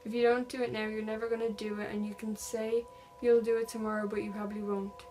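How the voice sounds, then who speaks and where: A woman's voice: mid-range voice, little pitch movement, quick pace, dark tone, faint music behind, rough recording. A young woman vlogger casually retelling a true-crime story, reading text messages aloud with lots of "like" fillers.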